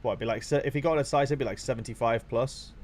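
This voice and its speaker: While a football match plays, a young streamer chats with his viewers at a fast clip in a medium-pitched voice. He curses freely and gets excited as he talks.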